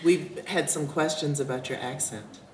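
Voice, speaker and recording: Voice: mid-range voice, moderate pace. A moderator's voice in a mid range carries across a roomy, echoing space over a faint hiss. The questions are probing and prompting, pushing the speaker to go on. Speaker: workshop moderator. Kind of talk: asking questions in a workshop. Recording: roomy echo with faint noise.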